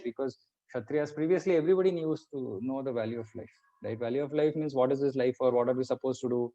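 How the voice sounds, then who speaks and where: A man's voice: medium pitch, quick pace, warm tone. A man teaching a conversational scripture class. He explains patiently and keeps checking in with his listeners. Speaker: Bhagavad Gita teacher. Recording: muffled lo-fi recording.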